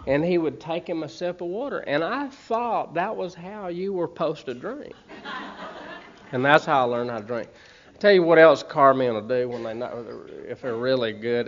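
Middle-aged Southern man, folksy humorous storyteller addressing a crowd, mid-pitched, slightly dull recording. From Montgomery, Alabama. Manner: folksy, keeps checking in with "okay?" and "man". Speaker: speaker sharing a recovery story. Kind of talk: humorous personal storytelling to an audience.

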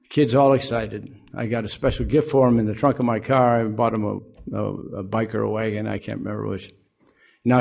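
A man's voice: medium pitch, vocal fry, darkish tone. An older man from Illinois telling a folksy, self-mocking story to a group, acting out both sides of conversations. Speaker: recovery meeting speaker.

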